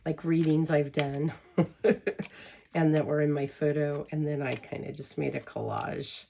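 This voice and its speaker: Low-pitched woman gushing at home, rambling and giggling, faint hiss behind. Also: little pitch movement, unhurried, vocal fry, warm tone. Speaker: tarot deck reviewer. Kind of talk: casual chat to camera.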